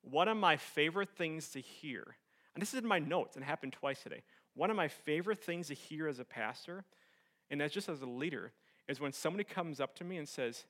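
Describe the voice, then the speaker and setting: A young man preaching a sermon as pastor, telling a personal story with animated swings from loud excitement to soft earnest tones. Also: fairly high pitch, brisk.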